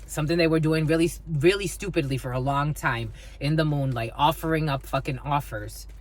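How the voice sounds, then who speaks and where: A woman's voice: low-pitched, a little fast. Blunt, profane woman reading tarot. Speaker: tarot reader. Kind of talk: spiritual reading monologue.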